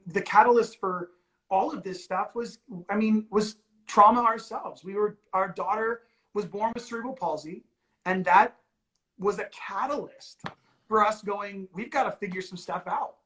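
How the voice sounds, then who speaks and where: A man's voice: high-pitched, normal speed, fairly bright tone, low-quality recording. A man and ministry leader talking candidly and earnestly, with many "like"s and "you know"s. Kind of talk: candid conversational talk.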